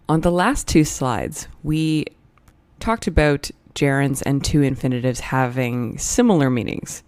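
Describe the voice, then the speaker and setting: Grammar teacher, middle pitch, dry close sound, reads examples aloud step by step. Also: slow pace, darkish tone, no echo. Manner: explains step by step, reading example sentences aloud. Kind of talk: recorded lesson narration over slides.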